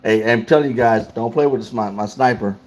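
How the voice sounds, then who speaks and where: A man's voice: medium pitch, a little fast, darkish tone. A man hosting a casual livestream, talking loosely and in slang straight to his chat. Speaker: livestream host.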